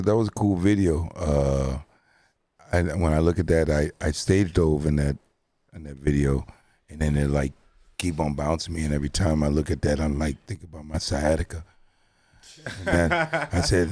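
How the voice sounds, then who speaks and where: A man's voice: very deep voice, steady tone, normal speed, mellow, dry recording. A man guesting on a podcast, talking in a laid-back, easygoing way about his music. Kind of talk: casual podcast chat.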